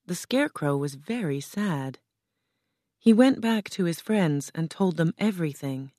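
A woman narrating a children's storybook in a calm, clear, measured way. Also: lowish voice, dry recording, clean studio sound. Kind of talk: storybook reading.

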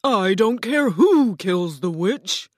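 A woman reading a storybook aloud, voicing Oz, a grand and commanding female ruler, with slow, drawn-out, imperious delivery. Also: mid-range voice, animated, a little mellow, dry recording, studio quality, voice pushed up.

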